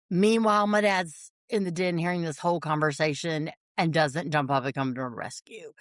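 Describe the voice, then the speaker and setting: A woman, a podcast guest telling a personal story, animated and quick to laugh. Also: sits low, no room sound, clean studio sound. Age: 40s. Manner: animated storyteller, acts out family voices, laughs often.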